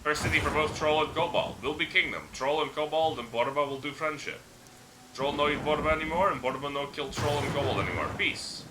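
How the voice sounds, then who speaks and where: A man's voice: on the high side, a little fast, voice pushed up, lightly acted. A man voicing a simple-minded, friendly male troll who talks in broken, caveman-like grammar. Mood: earnest. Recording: noisy home stream recording.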